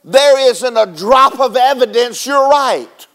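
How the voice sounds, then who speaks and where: A man preaching a sermon, firing rapid rhetorical questions at his congregation. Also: extremely high pitch, animated, a bit bright.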